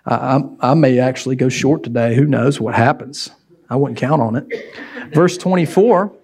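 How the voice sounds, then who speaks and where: A middle-aged male pastor preaching a sermon in an animated way, acting out scenes as he goes. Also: medium pitch, normal speed.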